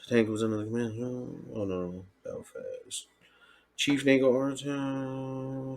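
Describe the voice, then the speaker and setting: A man's voice: mid-range voice, little pitch movement, a little slow, creaky, a little mellow. A man co-hosting a casual podcast chat, reading facts aloud with stumbles and jokes. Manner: stumbling reading, joking, laughs often. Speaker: podcast co-host.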